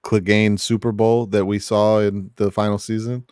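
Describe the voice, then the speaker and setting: A man's voice: fairly low pitch, level tone, moderate pace, darkish tone, smooth, no room sound, clean studio sound. A middle-aged man co-hosting a podcast in casual chat, enthusiastic and rambling, laughing often. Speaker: podcast co-host.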